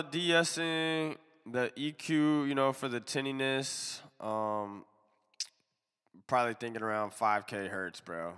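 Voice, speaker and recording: A man chats through a casual live music review, loose and slangy, leaning on fillers between thoughts. His voice is bright and smooth but a bit nasal from allergies. A long reverb hangs behind every word. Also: mid-range voice. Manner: laid-back and slangy, filler-heavy. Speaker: music review show host.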